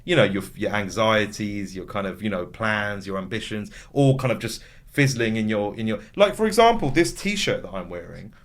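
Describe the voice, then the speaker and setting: A man's voice: on the low side, animated, moderate pace. Rambling, chatty male podcast guest. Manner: rambling storyteller, many fillers. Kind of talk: casual chat.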